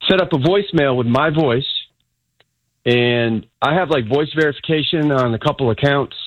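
Husky male caller on a tinny phone line. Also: medium pitch, moderate pace, no room sound. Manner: emphatic, warning tone. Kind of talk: call-in story on a radio show.

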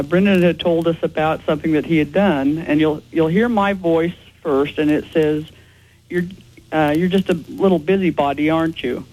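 Fairly high matter-of-fact male guest. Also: darkish tone, low-quality recording. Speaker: guest, ghost investigator. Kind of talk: interview answers.

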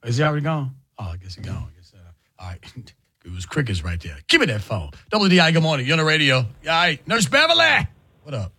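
A man hosting a call-in radio talk show, chatty and quick, joking between callers. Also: on the high side, very animated, sharp tone, slightly rough.

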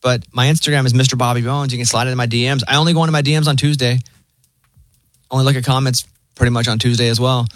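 Male radio host, mid pitch, relaxed dry storyteller, close dry studio mic. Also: fast, no echo. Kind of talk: casual morning show banter. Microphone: studio microphone.

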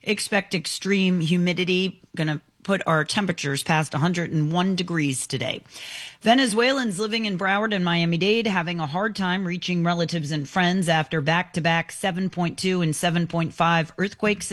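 A woman reading the news on a radio show, steady and scripted. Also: fairly low pitch, normal speed. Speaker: news reader.

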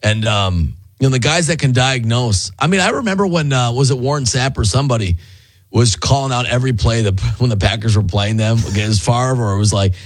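A man's voice: medium pitch, a little fast, no room sound. A man co-hosting a sports talk show, rambling and thinking aloud as he goes.

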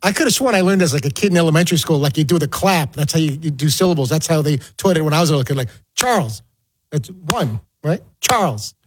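Radio co-host guy, talks fast, kinda husky, wry and argumentative. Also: a little high. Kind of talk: call-in sports radio chat.

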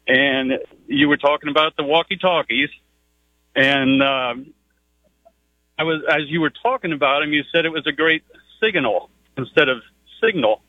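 A man's voice: fairly high pitch, moderate pace, pauses often, no echo. A man from Pennsylvania calling in to a radio show, talking with hesitant fillers. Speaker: caller. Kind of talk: call-in radio talk. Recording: tinny phone line.

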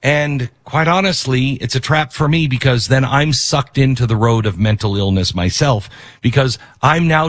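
A man's voice: mid-range voice, no echo. A man hosting a commentary show, giving impassioned, preachy opinions.

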